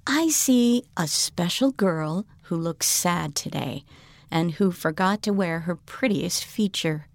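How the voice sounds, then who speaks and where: A woman voicing a kind, patient female schoolteacher in a storybook read aloud, with a soft, coaxing manner. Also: fairly low pitch, expressive, takes it slowly, no room sound, voice pushed down. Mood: gentle. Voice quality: soft, coaxing, sing-song. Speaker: teacher character.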